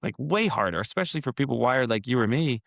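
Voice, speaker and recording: A wealth manager guesting on a podcast talks fast in an animated, gravelly, mid-range voice, captured in clean studio sound with no echo. He tells a personal story with earnest emotion in a casual conversational way before addressing and coaching his listener head-on.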